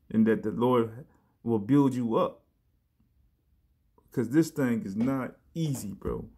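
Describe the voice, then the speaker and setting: A man giving a casual sermon, talking in a loose conversational way, often saying "man" and "you know", and reading verses slowly with emphasis. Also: mid-range voice, a little mellow, slightly rough. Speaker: preacher.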